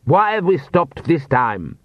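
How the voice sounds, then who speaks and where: A man's voice: on the high side, big pitch swings, slow, no echo, voice pushed up. A man doing a snappish, imperious vampire master. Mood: impatient haughty. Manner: haughty, impatient, snapping. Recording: dull, dry audiobook recording.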